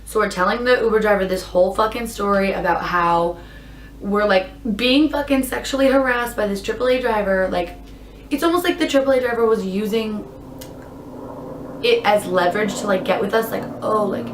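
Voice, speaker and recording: A young woman tells a story to the camera in a loose, chatty vlog style, jumping into quick impressions of the people involved. She swears freely and sounds animated and exasperated. Her voice sits at an ordinary middle pitch, and the room around her echoes. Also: slight background noise. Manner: animated, profane, acts out others' lines in quotes. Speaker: vlogger.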